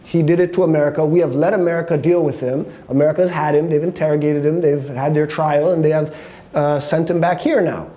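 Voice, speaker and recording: A man's voice: fairly high pitch, fairly even intonation, brisk, dark tone. A man hosting his own show, sharing his opinions in a candid, conversational monologue, thinking aloud and restarting his sentences. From Canada. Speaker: host.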